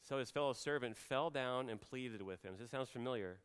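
A man preaching a sermon as pastor, conversational, often slowing and dropping to a quiet voice for emphasis. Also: medium pitch, clean tone, in a large hall. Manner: conversational, drops soft and slow for emphasis.

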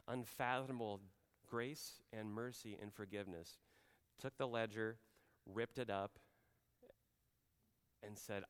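A man preaching a sermon as pastor, conversational, often slowing and dropping to a quiet voice for emphasis. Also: on the low side, clear, resonant tone, big-room sound. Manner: conversational, drops soft and slow for emphasis.

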